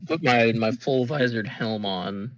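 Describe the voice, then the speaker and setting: Ein junger Mann, der entspannt und locker als Spieler an einem Tischrollenspiel teilnimmt. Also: male voice, mid-range voice, a little slow, no room sound, poor audio. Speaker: player. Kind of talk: tabletop game table talk.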